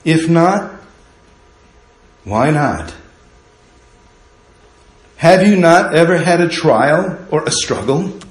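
A man's voice: a little high, big pitch swings, slow pace, long pauses. A man preaching a sermon as pastor, impassioned and full of rhetorical questions. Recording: very echoey room.

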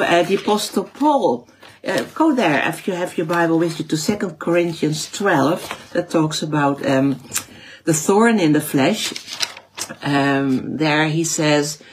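A woman's voice: sits low, breathy edge. A woman teaching from the Bible in a conversational way, with frequent restarts and fillers.

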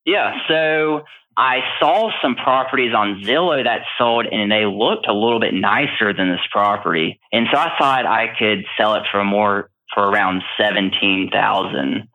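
Excited man on a tinny phone line. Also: lowish voice, unhurried. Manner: rambling, excitable, lots of fillers. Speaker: podcast guest, real estate wholesaler. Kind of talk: casual storytelling interview.

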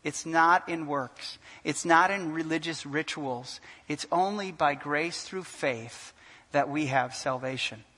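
A male pastor preaching a sermon in an animated way, asking the congregation questions and joking. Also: on the high side, slow. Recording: long hall reverb.

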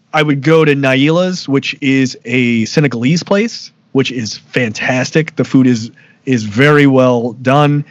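A man's voice: medium pitch, dry recording. Emphatic laughing man, dry close sound. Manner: animated, laughs often, emphatic. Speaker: interview guest. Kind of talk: casual interview.

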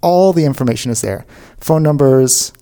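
A man's voice: medium pitch, moderate pace, dark tone. A man co-hosting a librarian podcast, playful and upbeat in casual chat.

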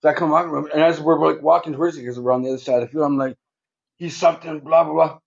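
A creaky, higher-pitched male voice races along very fast over dull audio. He's a podcast guest spinning casual, meandering stories, with constant swearing and frequent "right?" at the end of his lines.

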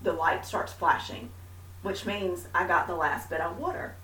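Female co-host, animated storyteller; bright tone, roomy sound. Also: fairly low pitch, moderate pace, distant mic. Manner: animated storyteller, mimics herself. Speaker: podcast co-host. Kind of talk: casual faith chat. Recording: echoey room, a bit off-mic.

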